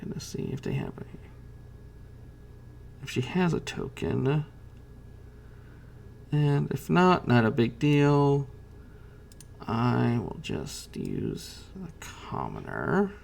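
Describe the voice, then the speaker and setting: A man's voice: medium pitch, huge pitch swings, slow pace, creaky, long pauses, darkish tone, a little hiss or hum. A man running a tabletop game as game master, hesitant with many fillers and restarts.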